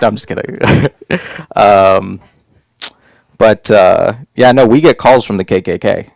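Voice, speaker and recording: On a club stage, a young man performs a stand-up set, rambling with fillers before leaping into loud, high-pitched bits. His delivery is unhurried and gravelly, with long pauses.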